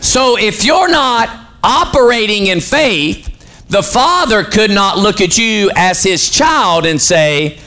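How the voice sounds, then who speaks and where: Male pastor, sermon, high voice, very expressive pitch, call-and-response questions. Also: slow pace.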